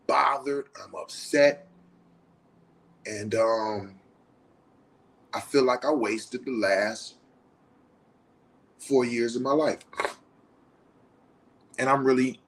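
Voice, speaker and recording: A middle-aged man in an emotional confessional monologue, blunt and full of swearing, swinging from loud outbursts to low muttering. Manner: profane, heated and blunt. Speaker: host.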